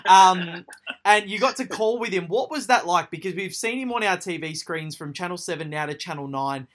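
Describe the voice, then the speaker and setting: A man's voice: sits high, lively intonation, normal speed, fairly bright tone. A man hosting a show, asking questions in a friendly, slightly hesitant way. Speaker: radio show host. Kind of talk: casual interview chat.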